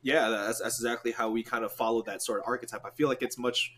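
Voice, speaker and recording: A man's voice: mid-range voice, fast. A male podcast host with a mid-range voice and a faint hiss in the background. He talks loosely in slang and often trips over his words. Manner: relaxed, slangy, stumbling restarts. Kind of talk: casual podcast chat.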